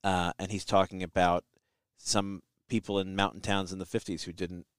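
Male podcast host, low, smooth voice, dry close sound, reflective. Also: little pitch movement, normal speed, dry recording. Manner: thoughtful, reflective, laughs readily. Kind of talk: casual podcast chat.

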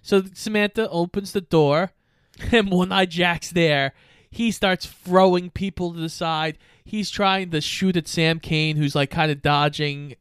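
Upbeat, higher-voiced man recapping a movie. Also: unhurried, clear, resonant tone, dry recording, studio quality. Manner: energetic, swears freely while retelling scenes. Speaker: podcast co-host. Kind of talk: casual movie recap chat.

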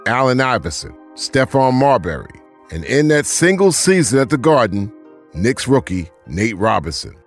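A man giving scripted documentary narration in a measured, even delivery. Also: mid-range voice, faint music behind. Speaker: podcast narrator.

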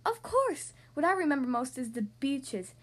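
A woman's voice: sits high, moderate pace. Woman reading as a cheerful grandmother. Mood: delighted. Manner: warm, lively storytelling. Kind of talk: storybook read-aloud.

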